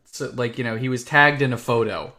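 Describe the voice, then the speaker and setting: Chill young guy podcast cohost, middle pitch voice, wry, drops swears. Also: fairly quick, pushed and bright. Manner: laid-back, swears casually, wry. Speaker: podcast co-host. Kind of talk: casual chat.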